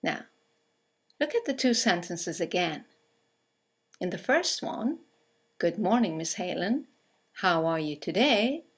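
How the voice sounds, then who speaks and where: A woman narrating a scripted English conversation lesson, reading example greetings aloud with slow, clear delivery. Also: fairly low pitch, big pitch swings. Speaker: English teacher.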